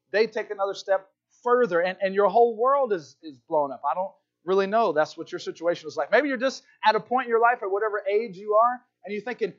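A man preaching a sermon, telling personal stories in an animated way and acting out the voices of the people in them. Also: high voice. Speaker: pastor. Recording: dull, muffled sound.

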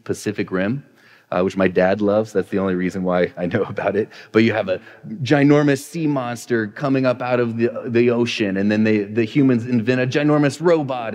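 A man in his thirties preaches from the pulpit, his voice sitting on the low side. He talks casually and cracks little jokes before leaning hard into his main points, with a long reverb ringing through the church. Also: darkish tone. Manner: chatty, self-deprecating humor, builds to emphatic points. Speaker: pastor. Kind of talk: conversational sermon. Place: church sanctuary.

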